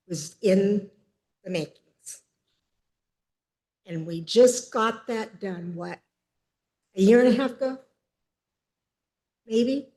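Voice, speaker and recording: A woman's voice: medium pitch, mellow. Upset older woman giving public comment. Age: 70s. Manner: upset, emphatic, halting. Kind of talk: public comment at a council meeting. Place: city council chamber.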